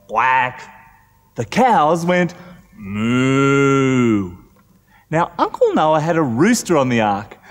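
A man telling a story to children in an animated, inviting way, doing animal sounds. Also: sits high. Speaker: children's entertainer.

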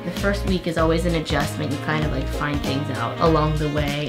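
A young woman, vlogging chattily and cheerfully to camera from her home. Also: fairly low pitch. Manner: chatty and upbeat, with laughs. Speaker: pet vlogger host. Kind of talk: casual vlog talk to camera.

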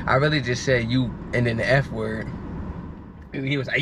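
A man's voice: medium pitch, fairly even intonation, moderate pace, pauses often, background noise. A young man vlogging from a car, telling loose, slangy, rambling stories in casual chat. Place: parked car outdoors.

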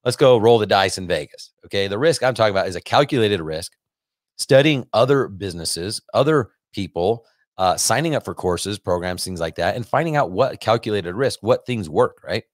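In a casual, energetic solo talk on his business podcast, this host and business coach tends to say things more than once. He has a lowish, expressive voice at a moderate pace, and the studio recording is dry.

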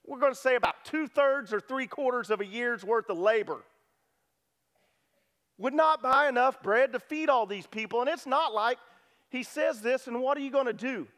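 A man preaching a sermon, telling the story with lively asides and acting out the disciples' lines, swinging from loud to hushed. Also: very high voice, moderate pace. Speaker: pastor.

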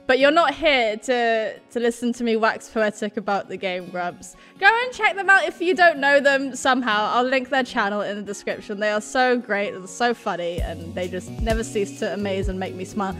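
A woman's voice: a little high, a bit bright. A young woman giving casual, gushing commentary on a video game she plays, bubbly and often giggling. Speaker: let's play gamer.

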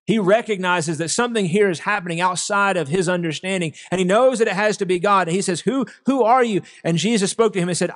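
Higher-voiced man preaching a sermon. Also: big-room sound. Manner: earnest preaching, addresses congregation as brothers and sisters. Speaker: pastor. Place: church sanctuary.

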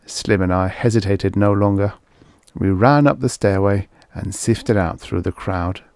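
Low-voiced man reading a story. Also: a little slow, darkish tone, no echo. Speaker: audiobook narrator. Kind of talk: scripted narration.

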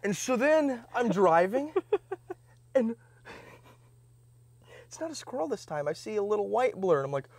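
A young man from Indiana co-hosts a casual podcast and tells stories with lively, animated delivery, acting out his own reactions. His voice sits a bit high for a man, and the sound is dry and close with no room around it. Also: normal speed, pauses often, no room sound. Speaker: podcast co-host. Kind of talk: casual chat, storytelling.

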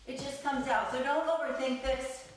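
A woman's voice: high-pitched, fairly even intonation, normal speed, a little hiss or hum. Upbeat woman counting dance steps. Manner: counts steps aloud, upbeat and playful, laughs often. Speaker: belly dance teacher. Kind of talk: live online dance class instruction. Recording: echoey room, mic far off.

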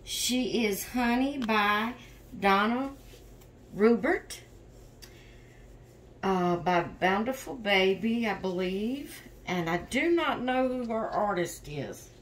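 A woman's voice: mid-range voice, expressive, slow. A woman hosting a doll vlog in casual chat, tired and yawning, rambling openly about her stress. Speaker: reborn doll channel host.

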